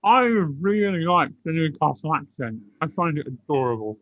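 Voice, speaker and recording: A man's voice: fairly high pitch, sing-song, normal speed. A man who is a stand-up comedian, chatting in a casual, self-deprecating, joking way over a video call. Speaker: stand-up comedian on a panel show. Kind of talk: casual comic chat. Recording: dull, muffled video call audio.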